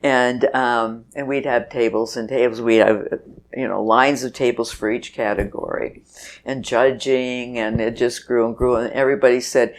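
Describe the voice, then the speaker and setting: Her bass voice stays steady at a moderate pace. This older festival organizer, appearing as an interview-show guest, spins casual stories with plenty of chatty laughter.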